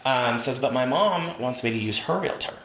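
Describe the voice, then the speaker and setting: A man's voice: medium pitch, animated, normal speed, crowd noise. A man leading a training class for realtors, telling stories and acting out the voices of the people in them. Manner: storytelling, acts out quoted voices. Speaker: real estate trainer. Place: training room. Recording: roomy room with faint noise.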